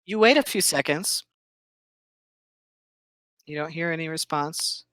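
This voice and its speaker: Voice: medium pitch, measured pace, a bit bright, no room sound. Easygoing game master on a dry mic. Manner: easygoing, filler-laden narration. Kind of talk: narrating a tabletop game.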